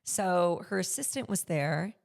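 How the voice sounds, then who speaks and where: A middle-aged woman speaking with a gravelly, fry-edged voice that sits a little low. She tells her stories candidly and animatedly, slipping into the voices of the people she quotes, in a relaxed conversational interview. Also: a little slow. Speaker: podcast guest, luxury consignment store owner.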